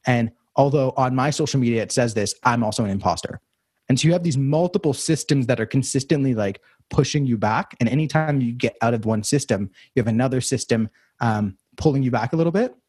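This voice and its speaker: A man's voice: mid-range voice, fairly quick, darkish tone, husky, no room sound, studio quality. A young man talking through his thoughts in a casual conversation, rambling and reflective with many fillers and restarts.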